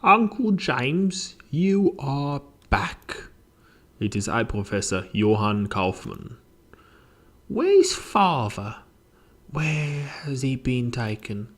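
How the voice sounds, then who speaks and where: A frail old professor speaks slowly in a raised, wavering voice, lost and bewildered, as a man puts him on. Each word comes drawn out and uncertain. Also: mid-range voice, sing-song, fairly bright tone, pitched above the performer's own voice, exaggerated voice.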